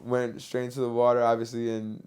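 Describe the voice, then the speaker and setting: Slangy, animated New podcast host. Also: male voice, medium pitch, brisk, clean tone. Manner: animated, swears often, slangy. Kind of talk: casual storytelling chat.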